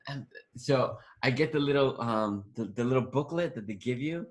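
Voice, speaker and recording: A man in his forties speaks at an ordinary pitch as a guest actor recounting his experiences. He talks in loose, rambling bursts, doubles back on his words, and slips into the voices of the people in his story. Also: moderate pace. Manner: rambling, restarts often, acts out quoted dialogue. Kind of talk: storytelling interview answers.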